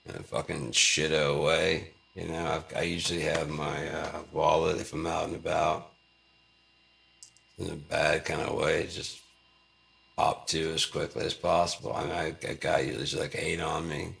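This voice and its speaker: A man's voice: extremely low pitch, flat delivery, moderate pace, gravelly, fairly bright tone. A man vlogging in a rambling, profane, joking monologue.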